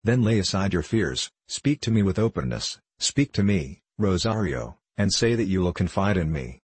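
A man's voice: low-pitched, sing-song, normal speed, darkish tone, husky, dry recording, full character voice. A man reading the part of a devout abbot, speaking with earnest, soothing persuasion. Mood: tender. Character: tender, devout older male abbot.

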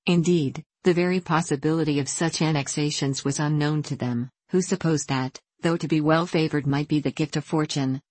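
A woman narrating a classic novel in a measured, even reading. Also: sits low, no echo. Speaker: audiobook narrator. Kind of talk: scripted narration.

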